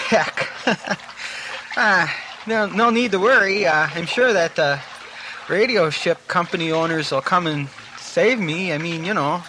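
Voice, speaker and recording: A man's voice: high voice, background noise. A man playing a goofy, naive radio DJ hero in a comedy radio serial, with a dim, drawling, easily puzzled way of talking.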